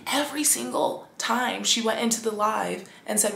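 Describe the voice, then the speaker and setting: A woman hosting a podcast, talking in a casual, animated monologue full of "like"s and restarts. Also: fairly high pitch, measured pace, creaky, reverberant, slight background noise. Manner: animated, chatty, many "like"s and restarts. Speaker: podcast host.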